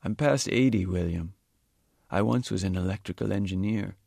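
A man's voice: low-pitched, normal speed, creaky, darkish tone, no echo, studio quality, full character voice. A man voicing a frail man past eighty who speaks in a mild, quavering way.

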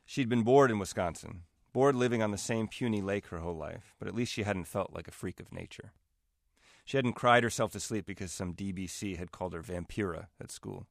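A man, the author, giving a wry, measured reading of his own fiction. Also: lowish voice, vocal fry, no room sound, clean studio sound. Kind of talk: literary reading.

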